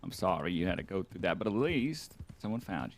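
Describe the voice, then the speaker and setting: Deep-voiced brooding outlaw, played by a man. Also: very animated, a little fast, a little hiss or hum. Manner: musing, meandering, dry. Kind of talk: in-character roleplay.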